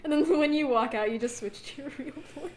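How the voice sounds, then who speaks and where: A woman's voice: high-pitched, fairly quick, a little hiss or hum. A woman co-hosting a casual podcast, chatty and laughing between phrases. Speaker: podcast co-host. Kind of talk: casual chat.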